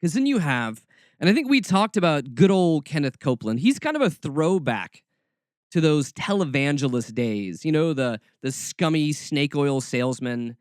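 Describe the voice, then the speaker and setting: A man's voice: a little high, moderate pace, no room sound, clean studio sound. A man hosting a podcast, giving snarky, exasperated commentary. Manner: sarcastic, exasperated, animated. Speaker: podcast host.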